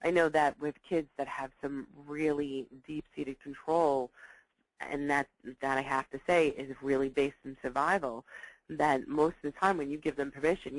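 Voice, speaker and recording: A woman educator giving a recorded teaching talk to parents, repeating key points and acting out dialogues in lively voices. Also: low voice, normal speed, no room sound, poor audio.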